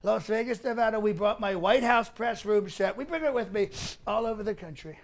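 A man's voice: sits high, fairly quick. A man doing a bragging, rambling president. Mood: boastful. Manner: boastful, rambling, repeats phrases. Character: blustering boastful male president impression. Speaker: comedian doing an impression. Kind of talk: improvised comedy press conference. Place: mock press room set.

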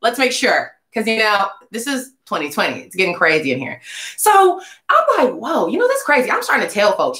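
A young woman telling a casual storytime vlog, animated and slangy, acting out the voices of people in her story. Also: fairly high pitch. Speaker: singer vlogging a story. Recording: echoey room.

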